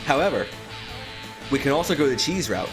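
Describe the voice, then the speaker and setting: A man streams a video game over faint game music, speaking in a brisk, sing-song, mid-range voice. He keeps up casual, animated commentary as he plays.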